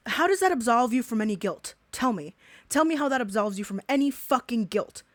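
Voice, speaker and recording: A woman's voice: on the high side, lively intonation, a little fast. A woman giving a profane reaction commentary, ranting angrily and swearing heavily. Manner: angry, ranting, heavy swearing.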